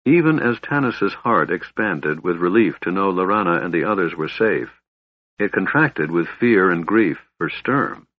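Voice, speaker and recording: A man narrating a fantasy audiobook in a measured storytelling manner. His voice is low and husky. The recording is dry and somewhat dull. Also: expressive. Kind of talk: scripted narration.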